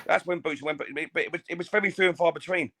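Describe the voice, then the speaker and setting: A man's voice: fairly high pitch, quick pace, fairly bright tone. A man co-hosting a casual boxing podcast, chatty, often stammering and restarting his sentences. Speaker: podcast co-host.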